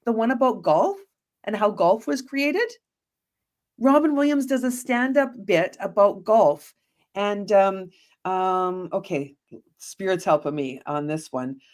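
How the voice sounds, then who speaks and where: A middle-aged woman co-hosting a casual podcast chat, telling stories in an animated way and acting out both sides of conversations. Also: medium pitch, measured pace. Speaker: co-host, psychic medium and energy healer.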